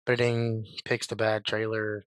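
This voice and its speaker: Hoarse guy with a cold doing a chill fan video, rambles a lot, um um, dry close sound. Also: lowish voice, monotone, a little slow, no room sound. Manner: rambling, filler-heavy, shrugs things off with "blah, blah". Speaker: YouTube host. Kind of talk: casual fan-theory chat.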